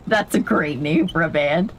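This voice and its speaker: A woman's voice: deep voice, slow, a little hiss or hum. A woman chatting casually while playing a video game, laughing often. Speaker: podcast co-host. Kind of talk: casual chat while gaming.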